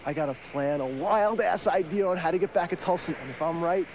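Young guy acting as a cocky schemer, highish voice, dull old recording. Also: fairly quick, a little mellow, slight background noise, close to an everyday voice. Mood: scheming. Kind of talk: film and commercial acting.

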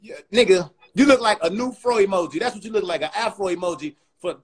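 Guy with a super high voice roasting somebody on a live stream, loud and mocking, nonstop insults. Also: animated, fast, rough recording. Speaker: comedian host. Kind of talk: profane roast on a livestream.

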